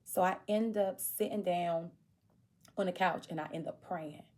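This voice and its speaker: A woman vlogger tells a personal story in a casual way, acting out the people she quotes. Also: normal speed. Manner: animated, acts out quoted voices with big pitch jumps.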